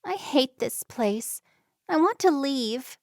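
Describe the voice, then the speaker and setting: A woman voicing a headstrong, upset young Amish woman in an audiobook, speaking in a higher, pleading girlish tone. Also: animated, takes it slowly, no echo, clean studio sound, heavily acted.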